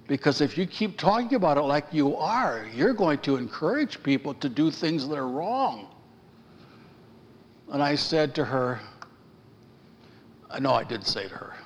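A man preaching a sermon as pastor, getting excited, raising his voice and pounding the pulpit. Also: fairly high pitch. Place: church sanctuary. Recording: church hall with long reverb.

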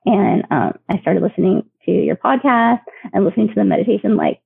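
A woman's voice: mid-range voice, lively intonation, a little fast, creaky, husky, no room sound. A woman in her thirties, a podcast guest telling personal stories in a chatty way, full of fillers and frequent laughs. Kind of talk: personal storytelling. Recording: tinny phone-line audio, dry.

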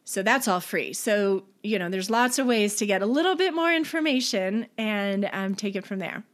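Woman, podcast guest, enthusiastic, casual, filler words, mid pitch. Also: animated, normal speed. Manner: enthusiastic, uses many fillers. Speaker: guest, artist and author. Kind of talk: casual interview chat.

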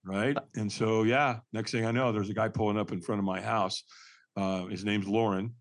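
Animated man in his sixties telling his story. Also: fairly low pitch, normal speed. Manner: animated, emphatic, laughs through hard memories. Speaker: podcast guest. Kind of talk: candid personal storytelling.

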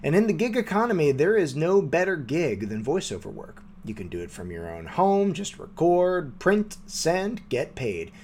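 A man's voice: on the high side, very animated, moderate pace, hardly any pauses, a little mellow, a little hiss or hum. A man delivering a short comedy segment as a dry, confident, lecturing monologue. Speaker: segment host. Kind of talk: mock-serious comedy monologue.

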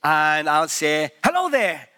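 A man's voice: fairly high pitch, big pitch swings, takes it slowly, pushed and bright, clean tone. A British man preaching a conversational sermon as pastor, with chatty, joking asides to the congregation. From Britain. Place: church sanctuary. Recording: long reverb of a large church hall.

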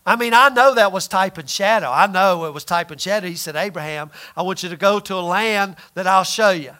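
A man's voice: sits high, a little fast, bright, forceful tone. A man preaching a sermon in a conversational, emphatic way, often acting out quoted voices.

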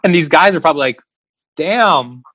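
A man's voice: mid-range voice, normal speed, fairly bright tone, no echo. A man hosting a casual chat, reacting to stories and asking questions.

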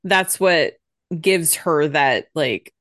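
Low-voiced woman, dry close sound. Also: lively intonation, very slow, fairly bright tone, no room sound. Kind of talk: casual film discussion.

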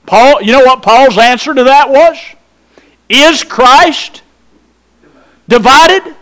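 A man's voice: extremely high pitch, sharp tone. A pastor preaching a sermon, emphatic and drawn out, putting questions to his congregation.

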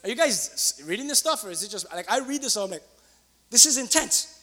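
A man preaching a sermon in church as pastor, excitable, swinging between loud outbursts and quiet asides. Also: high voice, fast, big-room sound.

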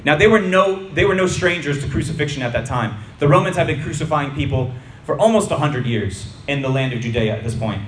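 A man's voice: a little high, fairly quick, far from the mic, slight background noise. A male preacher reading and explaining scripture to a congregation, speaking conversationally and emphatically, addressing them directly. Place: church hall before a congregation. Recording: roomy hall with faint ambience.

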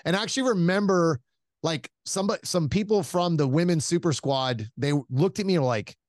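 A man with a slightly high voice chats casually as a podcast host. He tells his stories in an animated, self-deprecating way, swearing freely and laughing along as he goes. The sound is close and dry, with no room around it. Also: fairly quick, no room sound. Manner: animated, self-mocking storytelling with frequent swearing; laughs often while talking. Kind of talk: casual chat.

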